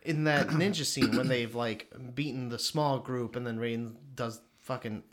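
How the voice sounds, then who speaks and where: A man's voice: medium pitch, fairly even intonation, moderate pace. Laughing man riffing on a movie. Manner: laughs often, swears casually, mocks the film. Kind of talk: casual movie commentary chat.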